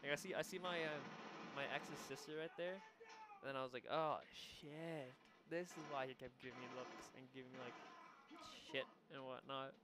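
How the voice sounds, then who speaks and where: A man's voice: medium pitch, moderate pace. A sixteen-year-old boy casually telling a rambling, funny story over his gameplay video, often breaking into laughter and swearing offhandedly. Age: teenager, 16. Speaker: gamer commentating his own gameplay video.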